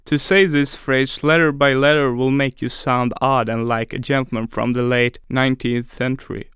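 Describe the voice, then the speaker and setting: A man teaching a scripted language lesson, speaking slowly and deliberately and repeating words syllable by syllable for pronunciation drills. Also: mid-range voice, level tone, fairly bright tone, clean tone, dry recording, studio quality.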